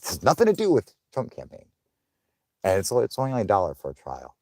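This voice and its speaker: A young man hosting a casual livestream, swearing often, laughing, and loudly thanking viewers for donations. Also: medium pitch, very animated, a little fast, no room sound, clean studio sound. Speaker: livestream host.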